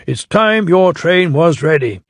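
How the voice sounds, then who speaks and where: Man voicing stern fussy railway boss, brisk and severe, lively pitch, storybook. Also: no echo. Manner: brisk and severe, kindly to good engines.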